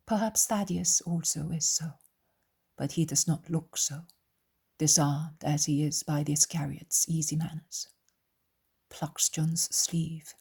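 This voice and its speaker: 轻声耳语朗读的女声有声书旁白. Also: female voice, deep voice, husky. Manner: soft, hushed, mostly whispered delivery. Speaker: audiobook reader. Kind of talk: whispered audiobook narration.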